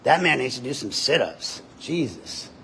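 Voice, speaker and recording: A man hosting a livestream from a body-worn camera, ranting in a loud, deep voice, combative and profane. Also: big pitch swings, normal speed, a little hiss or hum. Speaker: host, citizen journalist. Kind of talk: livestreamed rant. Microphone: body-worn camera mic.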